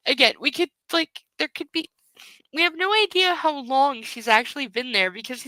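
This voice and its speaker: A woman reads a novel aloud and cuts in with wry, exasperated commentary. Her voice is fairly high and very bright. It sounds dry and close to the mic. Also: normal speed, no echo, rough recording. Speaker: host reading a book aloud.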